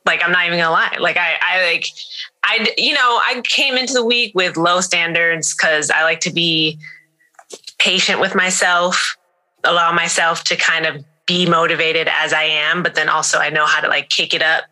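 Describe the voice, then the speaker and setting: A young woman co-hosting a casual podcast, her voice very bright yet sitting a little low in pitch. She talks loosely and chattily, stacking fillers and restarting her thoughts. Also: moderate pace, low-quality recording. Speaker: podcast co-host. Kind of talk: casual chat.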